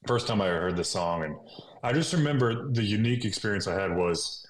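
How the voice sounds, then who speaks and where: A man's voice: fairly low pitch, expressive, brisk. A man in his thirties, a podcast guest, earnestly retelling a personal story and dropping into whispers for remembered thoughts. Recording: echoey room with faint noise.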